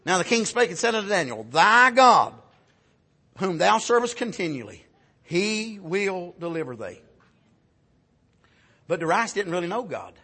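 A man preaching a fervent sermon, often rising to shouts and punctuating his points with amens. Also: sits high, sing-song, a little slow, pauses often, slightly rough.

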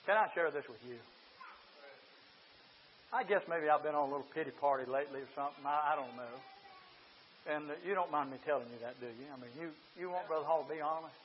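Male preacher, high voice, shouts then confides, church sermon, muffled recording. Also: fast talker, pauses often, a little hiss or hum. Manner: swings from shouting to quiet confiding. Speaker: pastor.

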